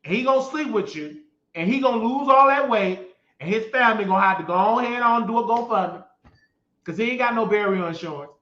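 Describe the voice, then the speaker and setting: A show host delivers a sassy, mocking gossip rant, repeating phrases for emphasis. His voice sits high, with a brisk pace and sharp tone, and the recording sounds dull and lo-fi in an echoey room.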